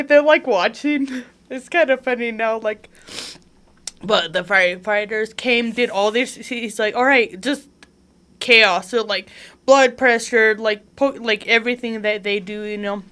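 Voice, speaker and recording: A woman guest on an interview show, telling her story in a chatty, animated way, full of "like" fillers. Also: on the high side, a little slow, smooth. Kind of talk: casual conversational storytelling.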